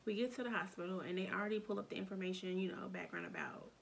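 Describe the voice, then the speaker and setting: A young woman telling a painful personal story in a halting, emotional way, with many restarts and fillers. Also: mid-range voice, fairly even intonation, vocal fry, slight background noise. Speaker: storytime vlogger.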